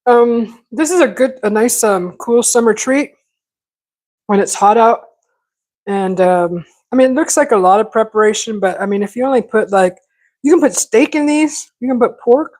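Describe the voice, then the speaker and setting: A woman hosting a casual cooking vlog, rambling in a relaxed way with many fillers and restarts. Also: fairly high pitch, normal speed, low-quality recording. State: talking with mouth full at times. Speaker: cooking channel host.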